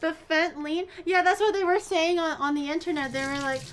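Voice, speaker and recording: In a very high-pitched, brisk voice, a woman chats casually while streaming her home cooking, rambling and overreacting. A little hiss or hum runs under the audio.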